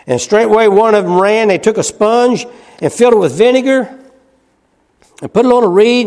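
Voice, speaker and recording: A man preaching a sermon. He swings from loud, high cries to hushed low asides, repeating phrases and chuckling as he goes.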